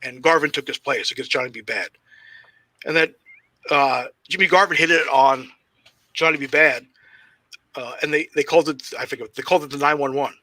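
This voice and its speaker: A man with a very bright, forward voice tells loose, swear-filled stories from his wrestling career. His pitch sits slightly high, and the sound is close and dry with no room around it. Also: a little fast, long pauses, dry recording. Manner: heavy swearing, rambling anecdotes; self-described shy and socially awkward. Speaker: guest, pro wrestler. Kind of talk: casual storytelling interview.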